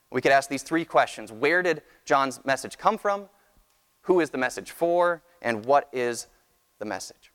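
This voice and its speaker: A man preaching a sermon, teaching in a measured, earnest way that often restarts phrases. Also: mid-range voice, animated, fairly bright tone, clean tone. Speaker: pastor. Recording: long hall reverb.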